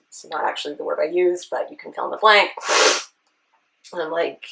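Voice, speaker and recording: A woman with a lowish voice tells a personal story to her camera in an earnest, searching way. She often checks in with the listener, and her voice stays close to tears. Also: brisk, gravelly, pauses often, pushed and bright, rough recording. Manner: earnest, tearful at times, with rhetorical "right?". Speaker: beauty vlogger.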